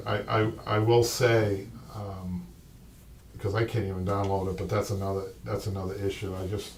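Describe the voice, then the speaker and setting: A man with a Boston accent hosting a live upholstery show. He rambles and restarts in casual talk. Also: lowish voice. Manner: rambling, with many restarts and asides. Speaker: upholstery shop owner and show host. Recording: distant mic with faint noise.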